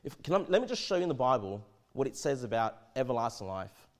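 A man preaching a verse-by-verse sermon, animated and often repeating and restarting his words. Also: mid-range voice, quick pace. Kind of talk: expository sermon.

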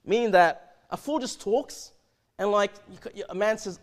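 A man preaching a verse-by-verse sermon, animated and often repeating and restarting his words. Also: sits high, moderate pace. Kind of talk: expository sermon.

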